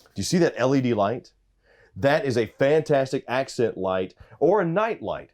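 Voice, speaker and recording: A man's voice: mid-range voice, sing-song, moderate pace, darkish tone. A man giving an upbeat walkthrough of a travel trailer, pointing out features as he goes, recorded inside the trailer. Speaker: RV salesman giving a walkthrough tour. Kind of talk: product walkthrough.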